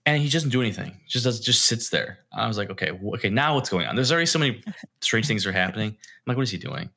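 A man's voice: on the low side, fast, creaky. A young man co-hosting a podcast, telling a story in casual chat and acting out the quotes. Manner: animated storyteller, acts out quotes. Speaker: podcast co-host.

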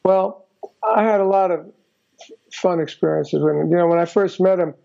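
An older man tells stories in a rambling way, packing his talk with "you know". His voice sits high and is heavily gravelly with a mellow, dark tone. The recording sounds dull and lo-fi. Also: normal speed. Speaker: guest musician. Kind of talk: casual storytelling interview.

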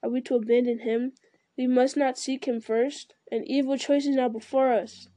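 A woman's voice: high-pitched, level tone, normal speed, mellow, no room sound, natural voice. A woman voicing a grave, burdened male ranger and leader, speaking in a solemn, weary way.

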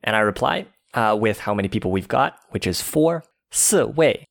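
Low-voiced man explaining phrases. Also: lively intonation, normal speed, gravelly, no echo. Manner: explains word by word, spelling out tones. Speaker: language teacher playing a diner. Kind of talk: language lesson.

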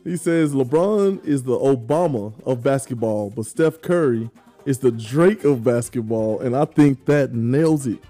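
Male host, mellow tone, playful needling, faint music bed. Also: mid-range voice, unhurried. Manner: teasing, playful, reads viewer comments. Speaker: podcast host reading chat. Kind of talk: casual sports debate.

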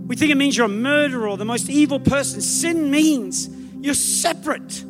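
A man with an Australian accent preaching a revival sermon in church, telling stories fast and rising to shouted calls, with soft music behind. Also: very high-pitched. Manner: fervent, rapid storytelling building to shouted calls. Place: church meeting.

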